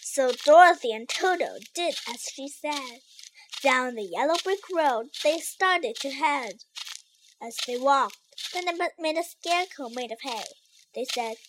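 Bright, high, unhurried storybook reader. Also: female voice, a little hiss or hum, low-quality recording. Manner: lively, expressive read-aloud delivery. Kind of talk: rhyming storybook reading.

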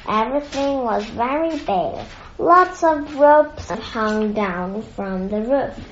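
A woman reading a children's novel aloud in a gentle, measured storytelling manner. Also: on the high side, lively intonation, a little hiss or hum. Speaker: narrator. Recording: echoey muffled lo-fi recording.

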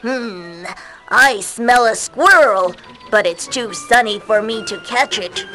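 A sleepy male owl mutters and grumbles his way through a children's storybook, as a woman puts him on. He speaks slowly and sounds drowsy, and there is a bright, crisp edge to his voice. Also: fairly high pitch, animated, faint music behind, pitched below the performer's own voice, exaggerated voice, rough recording. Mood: grumbling.

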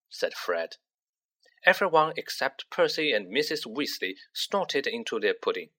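Brief: animated audiobook narrator, bright voice, lively pitch, voices every character. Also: moderate pace. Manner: expressive, acts out each character. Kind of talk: storybook reading.

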